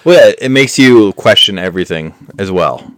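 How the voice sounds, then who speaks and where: A man's voice: on the low side, lively intonation, moderate pace. A man co-hosting a podcast, mostly chiming in with short agreements and dry teasing remarks. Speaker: podcast co-host. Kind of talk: casual movie podcast chat. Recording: recording with clear background noise.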